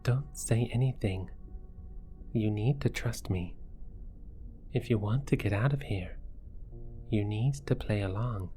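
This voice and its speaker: A ghostly young girl's voice pleads urgently to be trusted, read out by a man in his own low voice. It comes slow and measured, set against faint music. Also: mellow. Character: mysterious young girl's disembodied voice.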